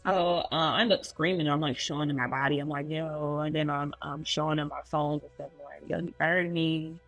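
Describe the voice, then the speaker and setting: A woman's voice: deep voice, steady tone, a little fast, vocal fry, highs cut off, soft background music. A woman telling her own story as a guest in a loose, casual way, full of filler words.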